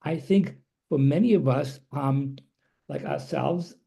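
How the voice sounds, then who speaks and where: Gravelly, husky man sharing thoughts. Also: fairly high pitch, slow, warm tone. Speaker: discussion participant. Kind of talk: reflective group discussion.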